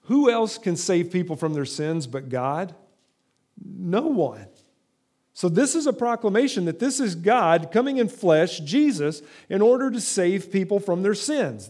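A man preaching a sermon in a fairly high voice. He swings between emphatic, raised lines and slow, hushed stretches. He often reads scripture aloud. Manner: emphatic preaching with sudden drops to slow, quiet delivery. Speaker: pastor.

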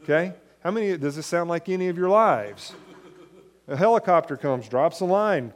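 A male pastor preaching a sermon in a conversational way, rising to emphatic points and dropping soft and low. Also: expressive, normal speed.

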